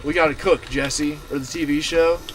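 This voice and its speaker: Man, streamer, casual storytelling, swears a lot, rambling, slightly high voice, faint background hiss. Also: moderate pace. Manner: profane, animated, rambling with many fillers. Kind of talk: casual storytelling to a live chat. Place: inside his camper van.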